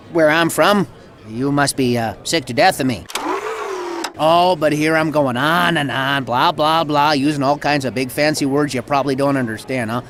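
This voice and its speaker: An actor with a Southern American accent playing a bombastic, folksy country music promoter who swings from ranting to sheepish. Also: male voice, fairly high pitch, a bit bright. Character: blustering Southern good-old-boy promoter, middle-aged man. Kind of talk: video game voice acting.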